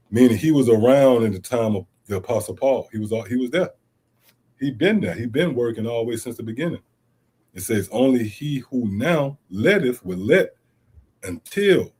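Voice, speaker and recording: A middle-aged man reads Bible verses and explains them with emphatic rhetorical questions. His voice is husky and lowish, with a mellow, dark tone. His asides are casual and conversational. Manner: casual street-inflected speech with "man" and "see?". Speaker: Bible teacher. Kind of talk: scripture teaching streamed online.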